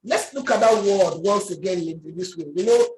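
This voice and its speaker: A woman preaching a sermon with emphatic, drawn-out words and call-and-response questions. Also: fairly low pitch, a little mellow, slight background noise. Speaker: pastor. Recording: echoey room.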